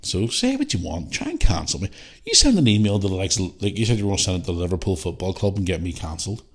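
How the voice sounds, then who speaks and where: Swearing heavily, a man from Northern Ireland rants bluntly and animatedly on his podcast. He has a low, sing-song voice and a quick pace.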